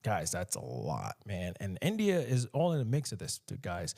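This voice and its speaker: A man from the United States giving animated, emphatic solo commentary, often slipping into mocking voices. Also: low voice, normal speed, creaky.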